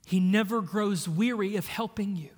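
A man preaching a sermon as a pastor, earnest, moving between hushed passages and emphatic lines. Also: high-pitched, moderate pace. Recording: long hall reverb.

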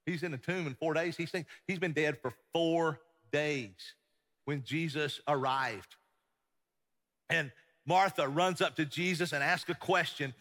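Male pastor, fairly high and forceful voice, loud-to-hushed preaching, long hall reverb. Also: unhurried. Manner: emphatic preaching, swinging between loud and hushed. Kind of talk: sermon.

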